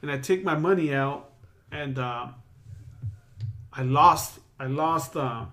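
A man's voice: a little high, slow pace, fairly bright tone. A man telling a long story in casual podcast chat, rambling, slangy and full of swearing.

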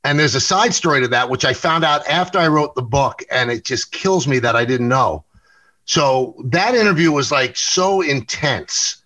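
A man's voice: medium pitch, bright, forceful tone, low-quality recording. A middle-aged man with a New York accent, a guest in a casual interview, telling stories and often repeating and correcting his words. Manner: storytelling, quick self-corrections, repeats words. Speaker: sportscaster and interview show host, guest here.

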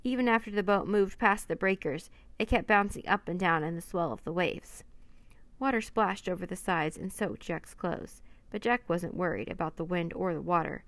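A woman narrates a children's storybook, slipping into light voices for each character. Her voice sits low with a gravelly, creaky grain. The recording is close and dry. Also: moderate pace, no echo. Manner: reads every character in lightly raised voices.

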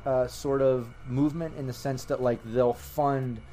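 A man's voice: mid-range voice, steady tone, measured pace, dark tone, slight background noise. A young man narrating a tabletop game as game master, rambling with many fillers.

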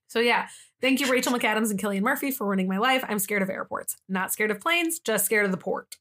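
Talking fast in a mid-range, fairly bright voice, a young woman co-hosting a casual true-crime show recounts the case conversationally. She performs the quotes herself and says "like" constantly.

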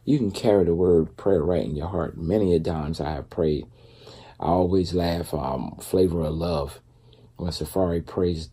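A man's voice: low-pitched, unhurried, warm tone, husky. A man talking casually and candidly in a rambling way about prayer and life, often laughing. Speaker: vlogger. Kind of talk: casual devotional talk.

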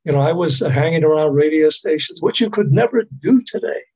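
An older radio veteran from the Boston area, USA, guests on a podcast, telling long, rambling anecdotes broken up by laughter in casual storytelling. His voice is a little high, husky and a bit mellow, with lively intonation and a brisk pace, on a low-quality recording.

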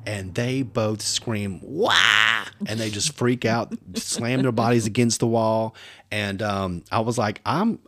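A man, co-hosting a podcast and telling animated stories, acting out voices as he goes. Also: fairly low pitch, a little slow, dry recording. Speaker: podcast co-host. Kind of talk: casual storytelling chat.

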